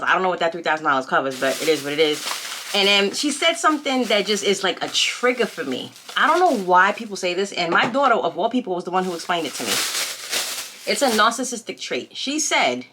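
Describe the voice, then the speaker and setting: Bright-voiced woman telling a storytime. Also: mid-range voice, quick pace, a little hiss or hum. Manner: chatty, rhetorical questions to viewers; animated gossiping retelling. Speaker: vlogger. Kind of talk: casual storytime chat. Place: home, by a window.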